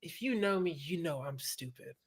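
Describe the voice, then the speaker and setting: A man with a high voice tells a story casually on a podcast, full of swearing and lively outbursts. He jumps between mumbling asides and loud, excited shouts. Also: normal speed. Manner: profane, animated storyteller. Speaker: podcast guest.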